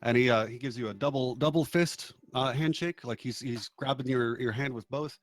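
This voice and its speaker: A man acting as game master narrates a tabletop game in a relaxed, hesitant way, using many fillers. His voice is medium-pitched and his pace normal.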